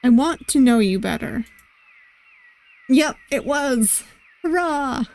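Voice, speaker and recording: A woman's voice: fairly high pitch, takes it slowly, creaky, a little mellow. A woman streamer reading a visual novel aloud with chatty, amused asides to her viewers, on a close mic. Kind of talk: let's-play commentary and reading aloud.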